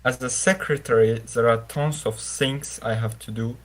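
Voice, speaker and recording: A man's voice: mid-range voice, steady tone, moderate pace. A man with a non-native accent practicing English answers in an online class, careful and a little hesitant. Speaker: student.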